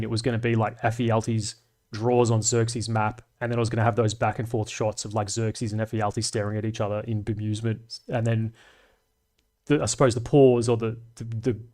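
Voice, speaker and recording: Man, relaxed, swearing, livestream chat, rambling. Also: mid-range voice. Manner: relaxed, profane, rambling and chatty. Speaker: streamer and animator. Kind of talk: casual livestream chat reading comments.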